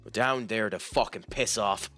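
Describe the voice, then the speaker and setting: Irish man, bright edgy voice, swearing gamer rant, exasperated, faint music underneath. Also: lowish voice, moderate pace. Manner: profane, exasperated ranting. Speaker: gaming channel host. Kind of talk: casual game commentary.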